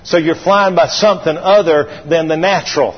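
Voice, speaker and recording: Speaking at a moderate pace in a voice on the high side, this preacher tells a folksy story in his sermon and calls out for the congregation's responses. The sanctuary recording is dull, with long reverb from the hall.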